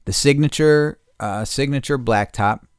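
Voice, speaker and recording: A man hosting a casual solo podcast, rambling and profane, correcting himself mid-sentence and jumping into loud excited bursts. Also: medium pitch, a little slow, clean tone, dry recording, clean studio sound. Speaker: podcast host.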